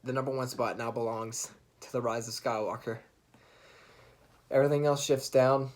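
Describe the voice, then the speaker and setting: A man's voice: mid-range voice, fairly even intonation, normal speed. Earnest young man gushing about a movie. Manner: earnest, enthusiastic fan recounting a movie with restarts and laughs. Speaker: vlogger. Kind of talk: casual vlog monologue.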